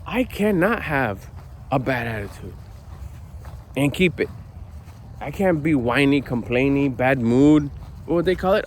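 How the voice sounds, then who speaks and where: A middle-aged man talks straight to the camera in a park at dusk, blunt and lively, cursing freely as he pushes himself on. His voice sits a little high for a man. Faint traffic hums in the background. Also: normal speed. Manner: animated, blunt, swears casually. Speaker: personal development vlogger. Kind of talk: casual motivational monologue. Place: outdoors at a park at sundown.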